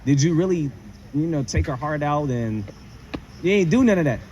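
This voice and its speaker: High-voiced guy preaching bible in slang, lots of rhetorical questions, faint traffic behind. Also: expressive, moderate pace, darkish tone. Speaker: street teacher. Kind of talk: street Bible teaching.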